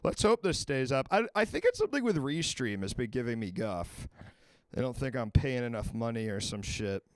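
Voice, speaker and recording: A man's voice: medium pitch, sing-song, moderate pace, no echo. Loose, rambling male stream host. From Washington, D.C. area. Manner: loose, rambling, swears freely. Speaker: livestream advice show host. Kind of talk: casual live-stream chat.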